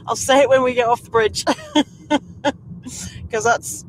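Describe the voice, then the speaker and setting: A woman's voice: a little high, animated, slow pace, pauses often, low-quality recording. Chatty woman driving, road hum. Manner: chatty, laughs often, talks to viewers. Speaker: storm chaser streaming live. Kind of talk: casual live driving commentary. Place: inside a moving car. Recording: faint road noise from the car.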